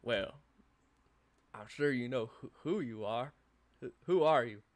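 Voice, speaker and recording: Jittery gunman making threats with a quiver, played by a male game master, slow delivery. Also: mid-range voice, animated. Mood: nervous menace. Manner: threatening but shaky, stammering. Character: nervous armed man, menacing yet quivering.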